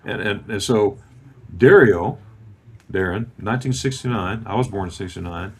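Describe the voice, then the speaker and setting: A man's voice: normal speed, vocal fry, slightly rough. A man in his fifties telling a casual travel story on a video call, acting out the dialogue as he goes. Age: 50s. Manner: animated, acts out dialogue with lively pitch swings.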